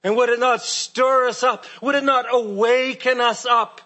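A man preaching a sermon, earnest and asking rhetorical questions, often dropping soft and low at key words. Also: steady tone, a little slow.

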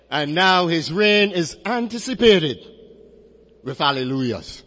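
A man preaching an expository sermon, measured and emphatic, drawing out key phrases as he reads and explains scripture. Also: fairly high pitch, very animated, sharp tone. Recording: long reverberant hall.

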